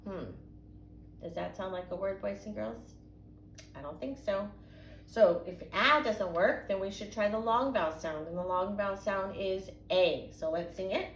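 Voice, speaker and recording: A young woman teacher gives a phonics lesson from home to young children, patiently sounding out words slowly in a sing-song way. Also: mid-range voice. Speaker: kindergarten and first grade teacher. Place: home, indoors. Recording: echoey room with faint background hum.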